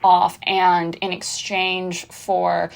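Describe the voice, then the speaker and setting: A woman in her twenties recapping a TV season in a chatty, animated way with sarcastic asides. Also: fairly low pitch, drawn-out words, creaky. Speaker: pop culture vlogger. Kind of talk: casual TV recap.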